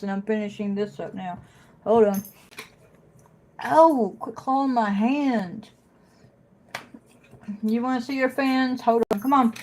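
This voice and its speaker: A woman chatting casually on a phone livestream at home, talking to viewers and scolding her dog in between. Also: a little high. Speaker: puzzle live streamer.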